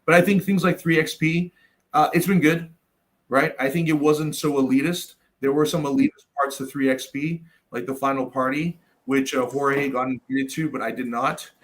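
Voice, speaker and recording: A man's voice: mid-range voice, steady tone, moderate pace. A man talking in a casual roundtable chat, ranting and swearing for emphasis.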